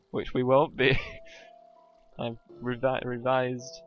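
A man's voice: mid-range voice, flat delivery, drawn-out words. A man co-hosting a let's play, bantering casually and laughing often at his own jokes. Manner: jokey, laughs often, plays with silly voices. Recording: dull lo-fi sound with faint music.

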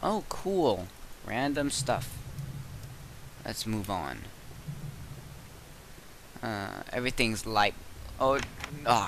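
A teenage boy giving casual gameplay commentary at his computer, cursing and yelling in sudden frustrated outbursts. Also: on the low side, big pitch swings, extremely slow, long pauses, slight background noise, rough recording. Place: bedroom at a computer.

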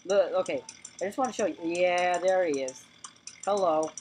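A woman's voice: fairly low pitch, brisk, a little mellow. Chatty woman doing game commentary, noisy. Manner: chatty, repeats words, talks to the game characters. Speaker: gaming channel host. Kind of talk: let's play commentary.

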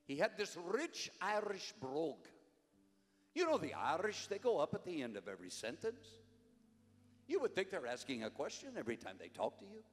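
An older man preaching a sermon, fervent, rising to shouts and dropping low. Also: wildly swooping pitch, moderate pace. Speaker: conference preacher. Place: church sanctuary. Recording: long hall reverb, faint music behind.

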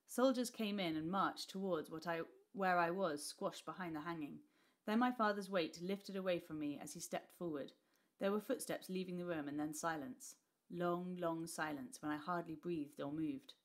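A woman teacher reading a class novel aloud with expressive storytelling. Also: lowish voice, moderate pace.

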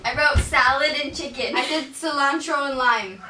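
Playful high-voiced young woman. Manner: playful, quick joking asides. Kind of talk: casual best-friend quiz video. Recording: echoey room, mic at a distance, noisy.

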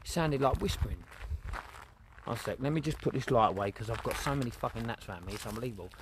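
A man with an Essex accent, a paranormal investigator talking casually and excitedly in a churchyard at night, swearing and slangy, recorded on a handheld camera. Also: mid-range voice, fast talker, background noise. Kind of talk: casual ghost-hunting vlog.

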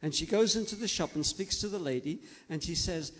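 A man telling a story to a group of children in a large hall, gentle and coaxing, often checking that they are listening. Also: high voice, a little fast, hardly any pauses.

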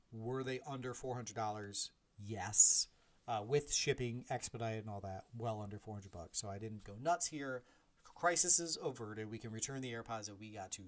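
A man in his forties, a podcast host, telling a personal story in a casual, animated way, acting out the dialogue and making self-deprecating asides. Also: medium pitch. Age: 40s.

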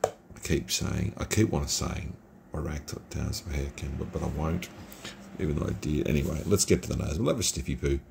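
A man's voice: extremely low pitch, fairly even intonation, a little fast, gravelly, background noise. A middle-aged man from Australia giving a casual, rambling beer review at night in his computer room at home. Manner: rambling, chatty and informal.

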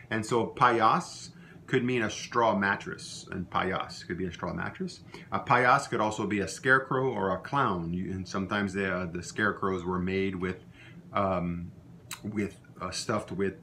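A middle-aged man gives a recorded language lesson, saying each word more than once so learners can copy it. His voice sits fairly low but has a bright, forceful edge. A faint hiss of noise runs under the recording. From Louisiana. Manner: repeats words slowly for learners to copy. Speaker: language teacher.

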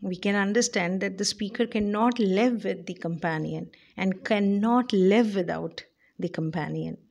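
A woman giving a poetry lecture, talking deliberately with frequent fillers and restarts. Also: mid-range voice, gravelly, a little mellow. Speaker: English literature lecturer.

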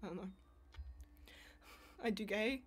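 A woman livestreaming and playing games, chatting casually, swearing freely and swinging from quiet mumbles to loud screams. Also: medium pitch, unhurried, slightly rough. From Australia. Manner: swears freely, self-mocking. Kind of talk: casual streaming chat.

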